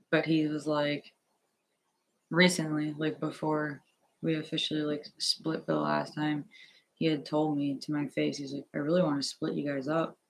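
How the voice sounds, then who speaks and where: A man's voice: a little high, gravelly, a bit bright, poor audio. A young man in a personal vlog, talking in a nervous, hesitant, rambling way, full of fillers and restarts, recorded on an earphone headset at home. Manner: halting, rambling, filler-heavy. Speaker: vlogger.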